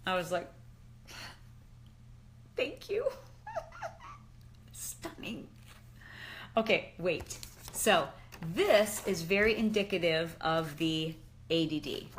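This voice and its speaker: A middle-aged woman on a casual live chat, excited and exclamatory, slipping into slangy asides. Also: on the low side, slow pace, a little hiss or hum. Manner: animated and exclamatory, often says "dude". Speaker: fitness and lifestyle expert.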